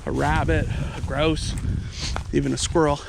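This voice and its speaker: A man's voice: fairly high pitch, measured pace, creaky. Winded man talking casually outdoors. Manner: casual, excitable when the hawk dives. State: out of breath. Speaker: falconer vlogger. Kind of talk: outdoor hunting vlog narration. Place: outdoors in fields and woods. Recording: outdoor noise behind the voice.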